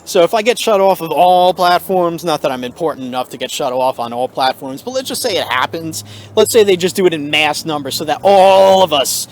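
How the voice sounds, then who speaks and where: A man with a somewhat high voice vlogs from his porch at the forest's edge. He is a little out of breath and talks in a loose, rambling way, full of asides and fillers, picked up by the camera's own mic. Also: slight background noise. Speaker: political video blogger. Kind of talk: casual talking to camera.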